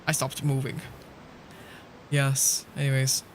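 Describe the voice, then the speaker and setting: A man's voice: mid-range voice, completely flat delivery, takes it slowly, a little hiss or hum. A man chatting casually and playfully with his viewers while streaming a game, swearing lightly and laughing often. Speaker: livestreamer. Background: faint background music.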